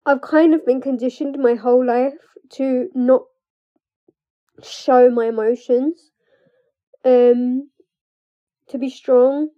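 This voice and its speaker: A young woman with a high voice opens up in a confessional vlog, candid and emotional, pausing and laughing nervously between thoughts. The sound is dull and lo-fi, with the top end muffled. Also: fairly even intonation. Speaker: trauma coach. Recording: dull lo-fi recording.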